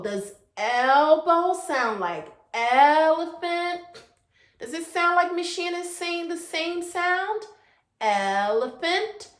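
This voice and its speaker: A woman teaching a virtual preschool class, sounding out letters in a sing-song, coaxing way and asking the children questions. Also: sits high. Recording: echoey room.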